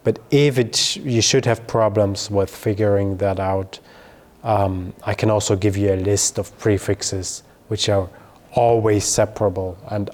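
A man teaching grammar to a learner, explaining patiently with fillers and slow, careful pronunciation examples. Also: lowish voice, a little mellow. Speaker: German teacher.

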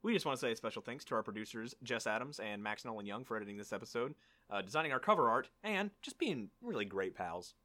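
A man's voice: fairly low pitch, animated, quick pace, sharp tone. A young man hosting a podcast, playful and earnest in casual banter, wrapping up the show. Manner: earnest, playful, self-mocking. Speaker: podcast host.

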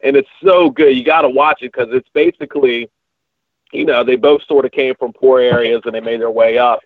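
A man's voice: mid-range voice, fairly even intonation, a little fast, no room sound. Man on a tinny phone-like line. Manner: rambling, many fillers and restarts. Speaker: podcast co-host. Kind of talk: casual chat.

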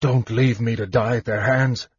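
A man voicing a weak, wounded male warrior who speaks softly and hesitantly. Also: medium pitch, fairly even intonation, moderate pace, husky, no room sound, recorded from a distance. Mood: pleading. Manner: soft, hesitant. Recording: dull lo-fi dry recording.

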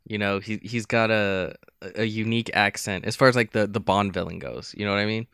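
A man co-hosting a casual film podcast, animated and cursing freely as he chats. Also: lowish voice, brisk, clean tone, dry recording, clean studio sound. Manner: animated, swears freely, laughs often. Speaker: podcast co-host.

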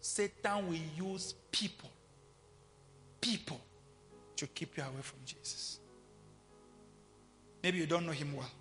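A man preaching a sermon, swinging from quiet, intimate asides to loud shouting. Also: fairly high pitch, slow, pauses often. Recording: long hall reverb, faint music behind.

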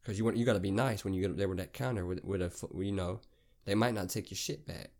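A young man with a Southern US accent rambles through a profane, casual rant as a podcast host. His voice sits low and gravelly, with plenty of vocal fry. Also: fast talker, darkish tone. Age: young adult.

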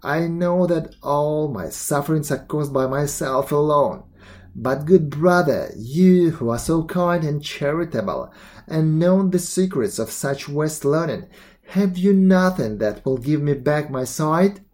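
A man's voice: on the high side, expressive, a little slow, darkish tone. A man voicing a greedy beggar-to-be in a storybook, speaking in a raised, emphatic, pleading tone. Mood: anguished. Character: greedy, desperate man pleading, later remorseful.

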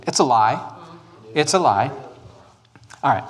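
A man teaching church history in a casual, jokey way with animated asides. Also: mid-range voice, moderate pace.

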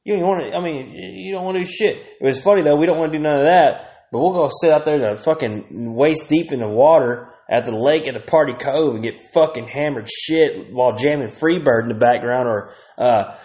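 A man's voice: fairly high pitch, fairly quick, hardly any pauses, a little mellow, roomy sound. Crude rambling man in his thirties. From Texas. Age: 30s. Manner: crude, rambling, laughs often. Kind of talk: profane comedic rant.

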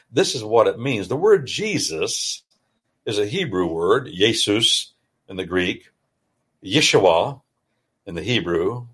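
A man's voice: lowish voice, fairly bright tone, breathy edge. A male radio host reading and explaining scripture in a folksy, emphatic, preacher-like way. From United States.

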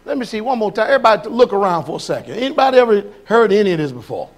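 A man preaching a sermon, animated, shouting and laughing, acting out voices. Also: high voice, very fast.

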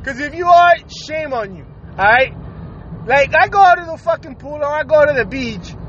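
High-voiced man ranting with lots of swearing. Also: moderate pace. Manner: profane, animated, laughs while ranting. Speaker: podcast host. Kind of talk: casual solo rant. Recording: slightly dull audio with faint noise.

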